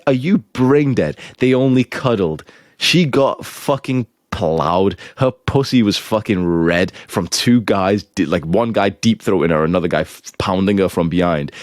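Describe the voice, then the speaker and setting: A young man with a fairly low voice talks straight into a dry, close mic with almost no room sound. He scolds and swears as he gives blunt relationship advice, and his manner stays crude and harsh. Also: dry recording. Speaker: self-improvement advice host.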